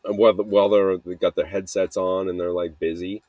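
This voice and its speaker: A man's voice: deep voice, little pitch movement, fairly quick, hardly any pauses, darkish tone, no room sound. A young man telling rambling stories outdoors at night in a casual monologue, laughing often and swearing casually. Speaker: podcast host.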